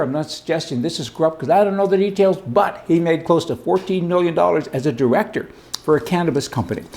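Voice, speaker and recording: A man's voice: a little high, a little mellow. A man hosting a casual political commentary monologue, sarcastic and emphatic, full of asides and rhetorical questions.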